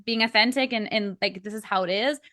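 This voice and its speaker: A woman's voice: medium pitch, a little fast, pushed and bright, no echo, studio quality. A woman hosting an interview podcast, affirming her guest with many fillers and tag questions. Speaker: podcast host. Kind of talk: casual interview chat.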